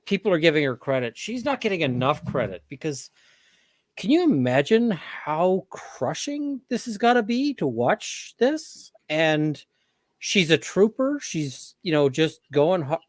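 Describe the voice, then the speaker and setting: A man co-hosting a livestream, speaking in a halting, soft-spoken way with many fillers. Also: fairly high pitch, sing-song, no echo. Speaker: co-host. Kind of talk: casual livestream chat.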